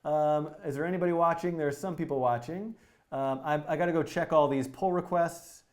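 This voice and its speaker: Male live-stream coding host, high-ish voice, excitable, rambling, lots of fillers. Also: a little fast. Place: indoor studio.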